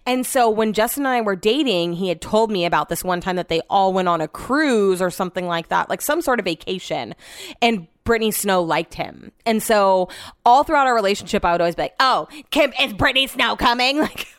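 A woman's voice: mid-range voice, animated, brisk, dry recording. Chatty young woman, dry room. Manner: chatty storyteller, lots of fillers and swearing. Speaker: podcast host. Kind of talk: casual chat.

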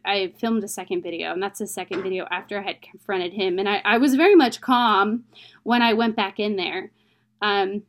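A young adult woman, an interview guest, telling a personal story in a candid, emotional, plain-spoken way. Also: mid-range voice.

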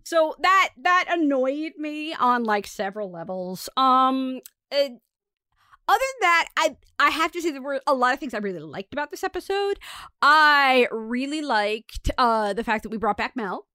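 A woman's voice: high voice, lively intonation, moderate pace, pushed and bright, clean tone, dry recording, clean studio sound. A young adult woman co-hosting a podcast, chatting casually with frequent fillers and laughter. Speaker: podcast co-host. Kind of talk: casual chat.

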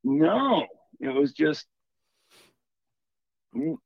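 A man calling in to tell a story in a casual, animated, rambling way. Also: fairly high pitch, drawn-out words, gravelly, no echo, highs cut off. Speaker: caller telling a ghost story.

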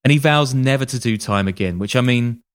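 On a podcast, a male host casually tells a true-crime story, adding wry joking asides and swearing offhandedly. His voice is medium in pitch, smooth, and a little fast.

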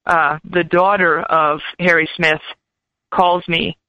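A woman guest telling a lively personal story, sometimes acting out voices in quotes. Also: fairly low pitch, slow, no echo, lo-fi sound. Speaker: podcast guest. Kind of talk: storytelling anecdote.

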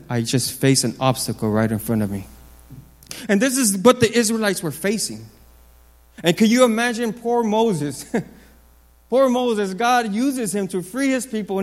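A man with a high voice preaches a sermon in a large hall with a long reverb tail. He hammers his points through repetition and swings between loud, lifted phrases and low, quiet ones.

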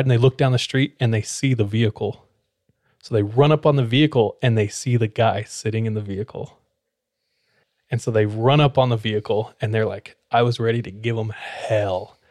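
A man co-hosts a podcast and tells a story in a casual, chatty way. He acts out the people in it, his pitch swinging up for their lines. The sound is dry and close. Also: fairly quick, no room sound. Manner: animated, acts out quoted dialogue. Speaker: podcast co-host.

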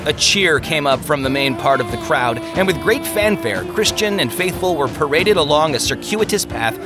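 A man narrating a story in an expressive storytelling style. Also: on the high side, moderate pace, music in the background. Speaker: audiobook narrator. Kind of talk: scripted narration.

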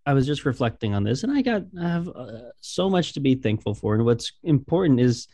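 A man's voice: medium pitch, sing-song, a little fast, dark tone, no echo. A man co-hosting a church podcast, upbeat and playful, often restarting his sentences. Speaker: podcast co-host. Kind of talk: casual faith podcast chat.

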